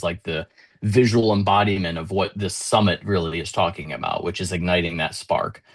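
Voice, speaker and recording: Deep-voiced man giving a motivational talk. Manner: earnest, retells dialogue with small voice shifts. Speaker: motivational speaker.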